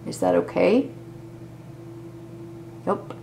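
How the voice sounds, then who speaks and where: Woman, 40s, low gravelly voice, candid rambling vlog confessional. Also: steady tone, drawn-out words, long pauses, darkish tone, slight background noise, poor audio. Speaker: vlogger. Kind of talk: unscripted personal video diary.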